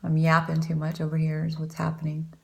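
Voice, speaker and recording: A woman talks her way through a makeup tutorial in a loose, rambling way. Her voice sits a bit low, and she keeps poking fun at herself as she goes. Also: completely flat delivery, brisk, gravelly, a little mellow. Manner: chatty, rambling, self-deprecating. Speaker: beauty vlogger. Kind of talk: casual makeup tutorial chat.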